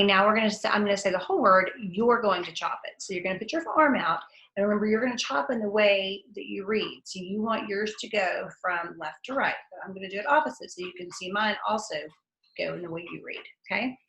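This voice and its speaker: A woman teacher leading a phonics lesson for young children, saying each word slowly and clearly for the class to repeat. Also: mid-range voice, pushed and bright. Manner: slow, clearly enunciated word drills. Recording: roomy echo.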